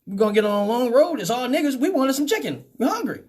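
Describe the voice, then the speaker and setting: A middle-aged man tells a wild story on his radio show, his voice high and bouncing all over the place. He swears freely and keeps breaking into laughter. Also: fast talker, breathy edge. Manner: animated, profane, laughing often. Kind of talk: comic storytelling.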